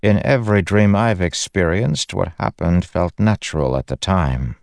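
A man's voice: low-pitched, normal speed, creaky, a little mellow, no room sound, studio quality. A man voicing a gray-haired older woman leader who talks bluntly and wryly. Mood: musing. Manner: wry, blunt.

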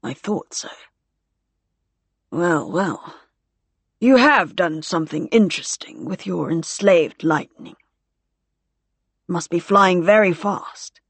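A woman voicing a formal, diffident male Victorian naval officer who speaks with courteous, halting, old-fashioned phrasing. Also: high-pitched, animated, gravelly, fairly bright tone, husky, dry recording, exaggerated voice. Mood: wary, subdued.

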